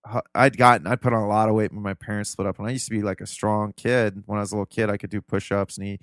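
Smooth-voiced man reminiscing as a guest. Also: lowish voice, flat delivery, fast talker, dry recording, studio quality. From Ohio, US. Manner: earnest, reminiscing, loose and rambling. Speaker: podcast guest. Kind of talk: casual interview storytelling.

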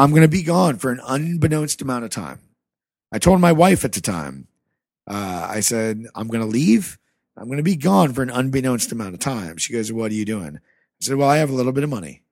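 A man from the American Rust Belt tells a story in a loose, casual way and swears freely. He acts out both sides of old conversations as he goes. His voice sits at an average pitch and is picked up on a close, dry mic. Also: expressive, a little fast, dry recording. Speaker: podcast guest.

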